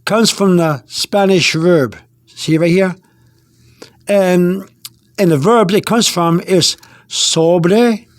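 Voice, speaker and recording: Guy teaching a lesson real slow, high-ish voice, lots of uh and um, says stuff twice. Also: no echo, studio quality. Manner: slow and repetitive, with many fillers and restarts. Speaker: language teacher. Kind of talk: casual spoken lesson.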